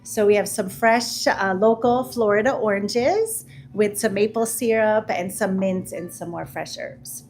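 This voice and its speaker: A woman's voice: medium pitch, steady tone, measured pace, few pauses, a little mellow, soft background music. A woman, a restaurant owner and chef, explaining a menu to guests in a friendly way, with many hesitations.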